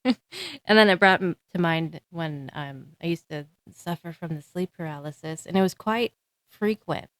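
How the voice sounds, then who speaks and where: A woman's voice: lowish voice, clear, resonant tone, no echo. A woman in her thirties hosting a solo podcast, talking casually in a rambling way with frequent ums and small laughs. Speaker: podcast host.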